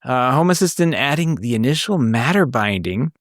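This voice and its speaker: Excitable podcast guy, lots of laughing, voice jumping around, dry close mic. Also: medium pitch, moderate pace, no room sound. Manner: excitable, laughs often, reads aloud. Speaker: podcast host. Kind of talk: casual tech podcast chat.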